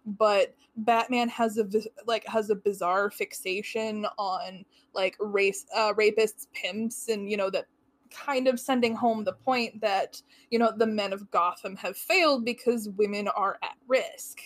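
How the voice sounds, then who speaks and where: A woman's voice: mid-range voice, fairly even intonation, measured pace, no room sound. A woman co-hosting a podcast, working through her notes with wry, thoughtful commentary. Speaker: podcast co-host. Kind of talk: casual comic-book analysis.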